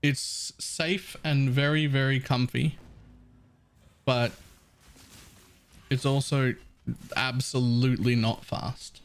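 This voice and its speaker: Young male streamer; blunt, casual, curses often, talks in an ordinary mid-pitched voice. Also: little pitch movement, slow, pauses often, clear, resonant tone. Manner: blunt, casual, swears freely. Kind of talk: casual gameplay commentary.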